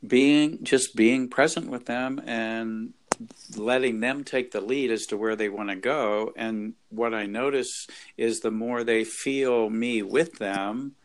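A man in his fifties, a workshop leader, talking in a gentle, thoughtful way with soft pauses in a reflective conversation. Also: medium pitch, fairly even intonation.

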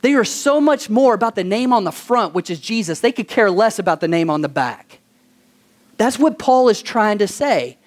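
Male pastor, high-pitched, animated sermon with call-and-response questions. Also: normal speed. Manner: animated storytelling.

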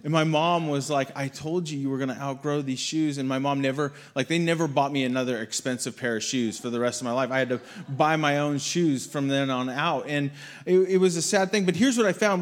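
Young guy preaching, chatty storyteller, slightly high voice. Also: brisk. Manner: storytelling, conversational, acts out quotes. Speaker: guest speaker. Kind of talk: sermon. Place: church hall with audience.

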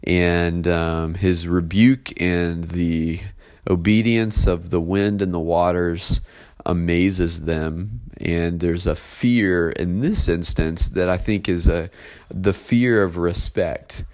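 A man with a very low voice delivers a sermon, first reading scripture aloud and then unpacking it. His explanations sound unhurried and conversational, with plenty of pauses and filler words. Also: fairly even intonation, a little mellow. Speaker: pastor.

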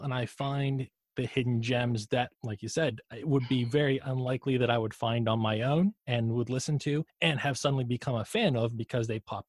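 A man's voice: medium pitch, a little mellow, dry recording, clean studio sound. A man co-hosting a podcast in casual chat, rambling through tangents and swearing freely. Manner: rambling, profane, admits his own tangents. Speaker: podcast co-host.

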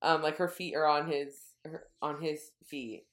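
A woman's voice: sits low, fairly even intonation, unhurried, reverberant. A woman co-hosting a podcast, retelling a book chapter in casual chat, rambling and correcting herself as she goes. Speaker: podcast co-host.

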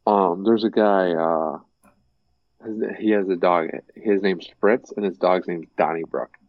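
A young man chatting casually, rambling with lots of fillers and breaking into animated impressions. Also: low-pitched, measured pace, no echo, highs cut off. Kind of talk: casual chat.

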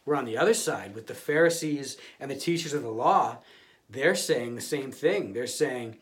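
A man's voice: mid-range voice, normal speed. A male pastor giving a conversational sermon, often restarting and repeating words.

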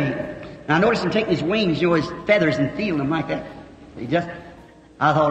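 A man preaching, telling a folksy rural story that swings from hushed tones to shouting. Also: high-pitched, lively intonation, moderate pace. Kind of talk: sermon storytelling. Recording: echoey hall with faint background hiss.

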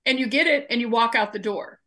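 A woman's voice: a little high, a little fast, pushed and bright. A woman guest in an interview, explaining her civic training work through everyday examples and anecdotes. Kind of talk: conversational interview answers.

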